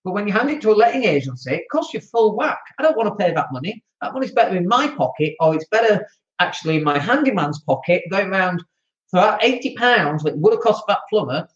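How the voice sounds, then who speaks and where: An excitable Northern English man hosting a podcast, talking casually about running rental properties with mock outrage. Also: sits high, fast, muffled recording. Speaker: podcast host, landlord. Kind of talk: animated casual talk.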